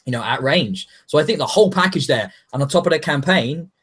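Man, podcast host; animated, excitable, swears freely, casual game talk. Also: a little high, fairly quick, slightly rough. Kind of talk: casual chat.

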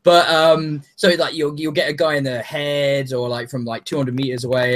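Swearing, excitable man gushing about games. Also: a little high, normal speed, hardly any pauses. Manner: enthusiastic, swears freely, animated. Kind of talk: casual chat.

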